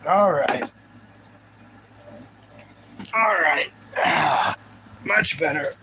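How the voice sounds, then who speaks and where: A man's voice: fairly high pitch, expressive, drawn-out words, creaky, background noise. A young man hosting a livestream, chatting casually and playfully about anime and reacting to his viewers. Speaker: livestream host.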